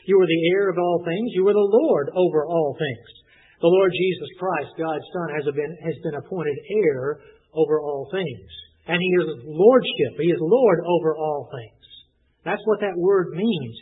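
Male preacher, husky voice, earnest and emphatic, tinny phone-like recording. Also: fairly high pitch. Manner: earnest, emphatic, slows down to stress scripture. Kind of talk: expository sermon.

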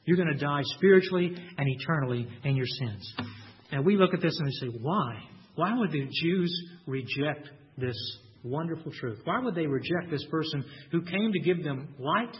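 Male preacher, higher voice, emphatic sermon delivery, dull lo-fi sound. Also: animated. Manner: emphatic, stresses key words with slow drawn-out lines; repeats words when restarting. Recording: dull lo-fi recording.

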